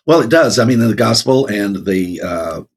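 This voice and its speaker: A man's voice: lowish voice, expressive, normal speed, slightly rough. A man co-hosting a casual Bible discussion, rambling with many fillers and frequent laughs. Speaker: co-host of a Bible talk show.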